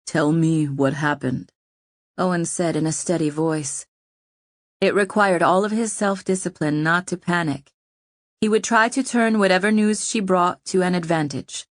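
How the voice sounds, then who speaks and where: Low-voiced woman audiobook narrator. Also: moderate pace, no echo, clean studio sound. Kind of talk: scripted narration.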